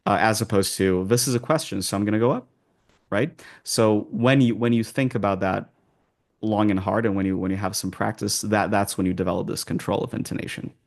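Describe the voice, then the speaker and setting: In an interview, a man working as an accent coach gives advice in a calm, measured way. His voice is low and gravelly, and he often pauses and restarts his phrases.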